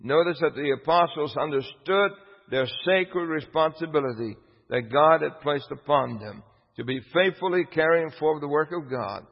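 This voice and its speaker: A man's voice: a little high, normal speed, creaky. A man preaching a sermon emphatically, putting rhetorical questions to his listeners. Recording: dull lo-fi with long hall reverb.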